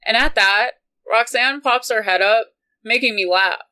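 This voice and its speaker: A woman reading a romance novel aloud in an unhurried, even manner. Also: on the high side, clean tone, poor audio. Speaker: audiobook reader.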